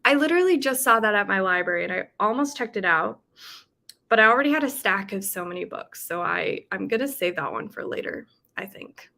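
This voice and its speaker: A woman's voice: mid-range voice, expressive, brisk, sharp tone. A woman hosting a casual livestream, chatting about books and reading viewer comments with lots of fillers. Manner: chatty, with frequent fillers and laughs. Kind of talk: casual chat.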